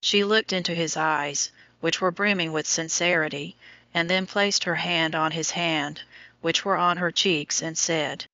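A woman narrating a romance audiobook in a steady, even reading manner. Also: low-pitched, measured pace, no echo. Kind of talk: scripted narration. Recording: dull lo-fi dry audio.

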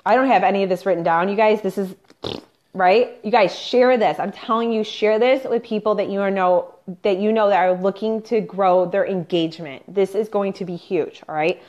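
A woman's voice: mid-range voice, darkish tone. Chatty, upbeat woman coaching live. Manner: chatty, fast, full of "like" and "you guys"; upbeat and pushy, coaching the viewers directly. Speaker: business coach. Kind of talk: unscripted Facebook live training. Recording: slightly dull lo-fi livestream audio.

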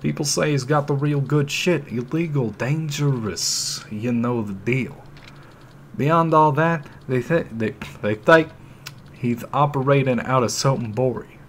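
A man voicing a gruff, nervous male street bum who talks in rough slang. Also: mid-range voice, a little slow, slight background noise, close to an everyday voice. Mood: grudging.

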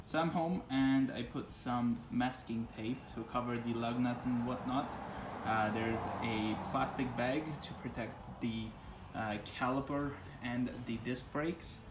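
A man's voice: mid-range voice, fairly even intonation, unhurried, roomy sound, background noise. A man chatting casually in a vlog about his car, loose and informal, now and then talking to his dog. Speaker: car vlogger.

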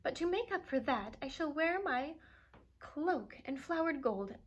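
A woman's voice: high-pitched, animated, measured pace, dull audio, pitched above the performer's own voice. A woman reading aloud and voicing a vain, boastful young stepsister in a haughty, showy manner.

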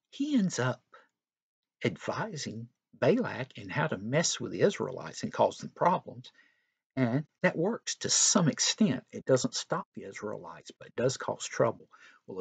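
Husky-voiced man telling a Bible story. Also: on the low side, dry recording. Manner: casual and conversational, often begins with "well". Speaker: Sunday school teacher. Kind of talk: Bible storytelling for young children.

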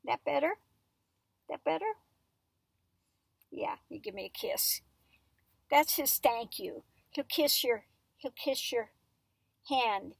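A woman tarot reader rambles casually at home and coos to her dog in between. Her voice sits a bit high and has a gravelly edge. The sound is dry and close. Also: no echo. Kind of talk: casual chat.

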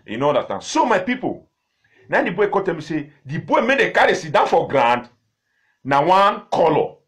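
A Nigerian-accented man hosting a live stream, talking in a rambling, conversational flow. His voice is fairly high for a man and swings up and down a lot as he goes. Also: very animated, moderate pace, a bit bright. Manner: chatty, repeats himself, talks to viewers directly. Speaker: host of a live video. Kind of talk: casual live-stream commentary in pidgin.

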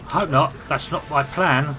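A man's voice: a little high, measured pace, background noise. A British man giving casual let's-play commentary, chatting and thinking aloud as he plays and reading game text aloud. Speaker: gaming channel host.

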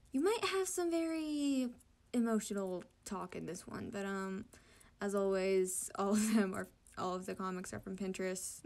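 A woman's voice: mid-range voice, a little mellow. A tired woman giving casual commentary on comic dubs, laughing often, swearing and tripping over her words. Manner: giggly, swears freely, stumbles over words. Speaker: comic dubber.

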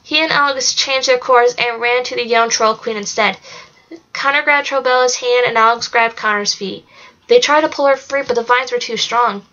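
A woman reads a novel aloud in a fairly high voice, keeping a steady pace and now and then stumbling and correcting herself. The home recording is dull and lo-fi. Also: moderate pace. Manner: steady reading with occasional slips and self-corrections. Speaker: narrator.

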